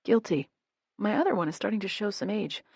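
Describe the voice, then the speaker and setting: A woman reading the part of a smug, teasing young man in a romance audiobook, with a smirking, low-key delivery. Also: lively intonation, fairly quick, a little mellow, husky, no echo, clean studio sound.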